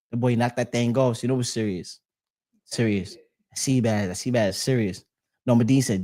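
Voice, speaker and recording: A man's voice: medium pitch, fairly even intonation, quick pace, a little mellow. A man hosting a podcast in a loose, slangy casual chat, often restarting his sentences. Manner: loose slangy talk with many restarts and fillers. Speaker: podcast host reading live chat.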